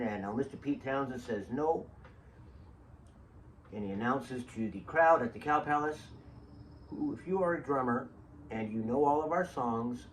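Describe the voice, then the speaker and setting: A man hosting his own show, telling rambling stories in a casual, digressive way with joking asides to his listeners. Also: medium pitch. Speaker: show host. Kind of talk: casual rambling storytelling monologue. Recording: distant mic with faint background hiss.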